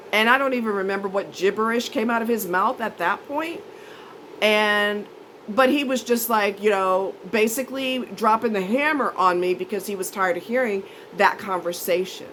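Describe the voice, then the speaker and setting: A woman's voice: mid-range voice, moderate pace, fairly bright tone, slight background noise, low-quality recording. A woman telling a story as a vlogger, ranting in an indignant, sarcastic and emphatic way. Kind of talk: storytime rant.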